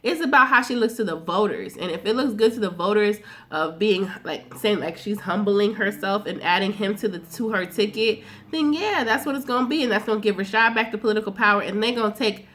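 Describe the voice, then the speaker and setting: A woman's voice: mid-range voice, a little fast, few pauses, fairly bright tone, a little hiss or hum. A woman recapping a TV episode in a loose, chatty way, with plenty of fillers, slang and swearing. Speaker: TV recap vlogger.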